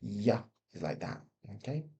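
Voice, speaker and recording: A man with a British accent teaching English pronunciation, modelling each sound slowly and with exaggerated mouth shapes. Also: fairly low pitch, sing-song, creaky, mellow, slightly rough, highs cut off. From Britain. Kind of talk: pronunciation lesson.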